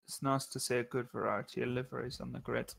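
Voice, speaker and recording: A man's voice: medium pitch, level tone, fast, creaky, husky. A man co-commentating a live sim race, making dry, matter-of-fact remarks. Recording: loud background noise.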